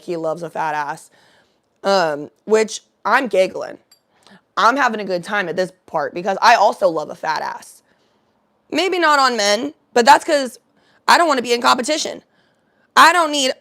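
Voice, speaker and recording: A woman's voice: a little high, fairly bright tone. A young woman vlogger telling a story in casual chat, chatty and profane, greeting viewers by name.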